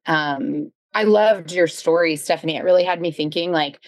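A woman guest on a podcast, talking about parenting and business in an upbeat, reflective way with quick asides. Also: low voice, no echo. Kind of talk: reflective conversational interview.

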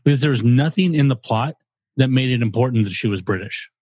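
A man's voice: mid-range voice, brisk, darkish tone, husky, no room sound. A man co-hosting a podcast, talking in an opinionated, rambling casual way with some swearing. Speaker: podcast co-host. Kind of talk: casual chat.

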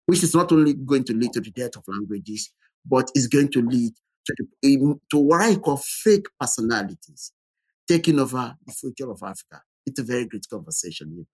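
A man talking as a podcast guest, telling an animated story and often repeating his words. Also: medium pitch, normal speed, husky, no room sound. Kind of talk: podcast conversation.

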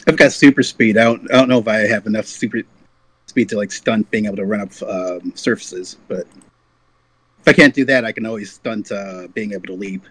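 A man's voice: lowish voice, fairly quick, fairly bright tone, dry recording, rough recording. A man playing a tabletop game, talking in a hesitant, rambling way. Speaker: player. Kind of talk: casual chat at a game table.

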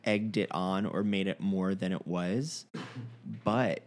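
A young man from Long Island who trained as an actor, chatting casually in a lively, animated way with frequent restarts. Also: low voice, takes it slowly. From Long Island, raised in Fort Lauderdale. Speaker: actor and dialect coach. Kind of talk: casual conversation.

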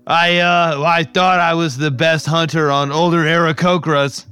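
Man voicing a boastful hunter, blunt, halting, smooth voice, tabletop game. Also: on the high side, steady tone, bright, forceful tone, no echo, faint music behind.

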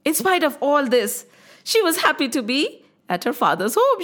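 A woman telling an old myth in an expressive, exclaiming storyteller style. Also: sits high, normal speed.

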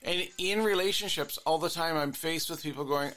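Bright-voiced musing male therapist. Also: on the high side, normal speed, few pauses. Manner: musing, repetitive, earnest. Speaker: couples therapist and podcast host. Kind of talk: reflective solo monologue.

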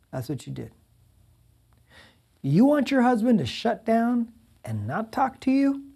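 A man's voice: a little high, vocal fry, mellow. A middle-aged man preaching a sermon as pastor, talking directly and conversationally to the congregation.

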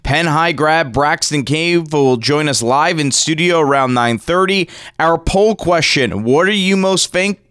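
A man hosting sports talk radio from a studio microphone, energetic as he rattles off stats and rankings. His voice is smooth and resonant, a touch high, and the sound is close and dry. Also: a little slow, no echo.

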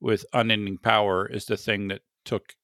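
Bright-voiced American man rambling about tech. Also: fairly low pitch, level tone, moderate pace, no room sound, clean studio sound. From United States. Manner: rambling, self-mocking, repeats words. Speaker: podcast host. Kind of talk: casual tech chat.

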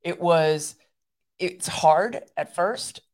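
A woman's voice: lowish voice, drawn-out words, darkish tone. A woman co-hosting a podcast, telling her faith story in an earnest, reflective way. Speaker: podcast co-host. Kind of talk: casual faith conversation.

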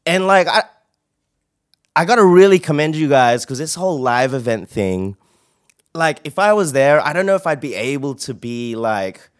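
A man co-hosting a podcast in casual chat, excitable and quick to swear, calling in remotely. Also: fairly high pitch, clear, resonant tone, dry recording, studio quality. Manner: excitable, swears casually, quotes his own panic. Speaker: podcast co-host. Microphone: remote call.

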